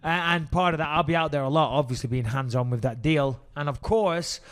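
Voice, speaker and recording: Brief: middle-aged English man, podcast co-host, rambling storyteller who swears freely, voice a touch high. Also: brisk, smooth. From England. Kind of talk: casual podcast chat.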